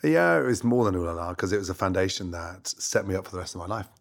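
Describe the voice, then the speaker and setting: A middle-aged Scottish man, a chef and guest, telling stories in a brash, swearing, animated way. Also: deep voice, quick pace, gravelly. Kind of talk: casual interview.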